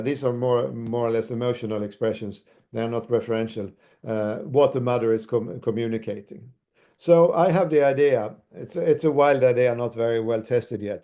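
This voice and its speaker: A man giving an academic lecture as a university lecturer, speaking haltingly with many restarts. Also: medium pitch, dark tone.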